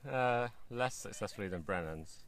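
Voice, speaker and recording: A man's voice: lowish voice, animated, normal speed. A man hosting a casual vlog outdoors, playful and laughing often. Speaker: vlog host. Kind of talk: casual chat. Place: outdoors on a hill.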